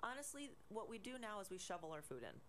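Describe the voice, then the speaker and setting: A woman guest on a radio talk show, explaining in a relaxed way with many fillers. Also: mid-range voice, fast, slight background noise. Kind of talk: casual radio chat.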